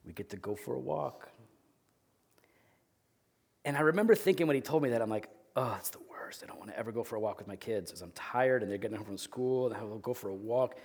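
A male pastor in his thirties preaching a sermon, telling candid, self-deprecating stories about his family, with sudden bursts of acted yelling. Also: mid-range voice, fast talker, creaky, slightly rough.

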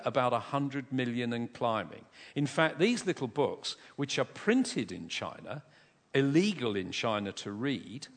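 A man preaching a sermon in a church, an animated and humorous storyteller who pokes fun at himself. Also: medium pitch. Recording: long reverb of a large church.

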